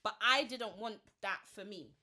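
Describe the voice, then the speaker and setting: Bright-voiced London woman telling a story. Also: medium pitch, measured pace. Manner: animated storytelling full of slang. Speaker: podcast guest. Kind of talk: casual chat.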